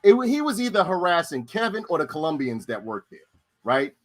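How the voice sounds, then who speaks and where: A middle-aged man telling stories in casual chat. He is animated, swears freely and repeats his lines for effect. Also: a little high, brisk. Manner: animated, profane, repeats himself. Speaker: storyteller.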